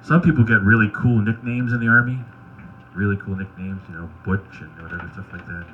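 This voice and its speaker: A man doing stand-up, telling wry, crude anecdotes in a deadpan way. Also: on the low side, brisk, dull audio, slight background noise. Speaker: stand-up comedian. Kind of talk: stand-up storytelling at an open mic.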